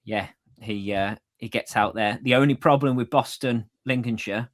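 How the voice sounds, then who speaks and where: A man co-hosting a casual podcast, relaxed and a little hesitant, repeating himself as he talks. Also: medium pitch, moderate pace. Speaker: podcast co-host. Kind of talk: casual chat.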